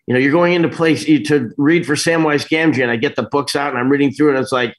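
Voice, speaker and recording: A middle-aged man telling stories as an interview guest, rambling and animated, often breaking off and restarting. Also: medium pitch, fast talker. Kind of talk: casual storytelling interview.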